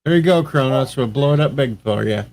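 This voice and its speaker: A man in a casual stream chat, making slow, dry wisecracks. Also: mid-range voice, expressive, a crowd in the background.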